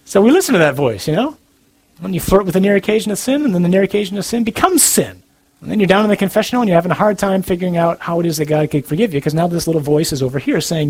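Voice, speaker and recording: A man's voice: high voice, expressive, quick pace, breathy edge. A man giving a sermon-style talk, speaking in an earnest, direct and conversational way. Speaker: preacher.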